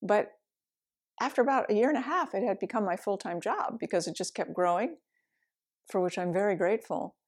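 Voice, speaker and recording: A woman's voice: medium pitch, fairly quick. A middle-aged meditation teacher tells a story from her own life. She talks candidly and reflectively, with the occasional laugh. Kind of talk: storytelling talk.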